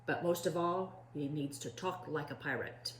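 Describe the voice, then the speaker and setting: A woman's voice: deep voice, moderate pace, reverberant, slight background noise, close to an everyday voice. A woman voicing an impatient, bossy male pirate captain who bellows in pirate slang. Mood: gruff.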